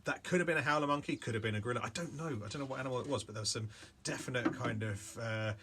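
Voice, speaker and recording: A man's voice: mid-range voice, rapid-fire, a bit bright, slight background noise. A man teaching a remote music lesson, talking casually and thinking aloud with lots of fillers. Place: home room with instruments and loop pedal.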